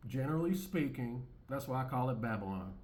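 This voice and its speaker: A man's voice: medium pitch, lively intonation, fairly quick, darkish tone. Blunt, profane man ranting to camera. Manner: blunt, repetitive, stammering restarts, profane. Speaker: commentary channel host. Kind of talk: opinionated monologue over clips.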